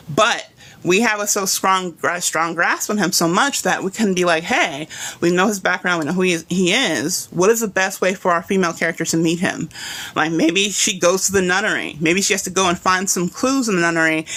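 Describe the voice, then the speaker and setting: Bright, enthusiastic woman teaching. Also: on the low side. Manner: enthusiastic, rambling, many asides and "right?" checks. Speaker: writing instructor. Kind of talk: live online class, casual teaching.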